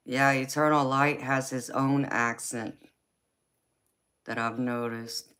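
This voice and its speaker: A woman's voice: a bass voice, a bit bright. A woman with a Southern US accent chatting casually with viewers as a tarot livestream host, laughing often and calling people baby. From Los Angeles, USA. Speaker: tarot reader hosting a live chat.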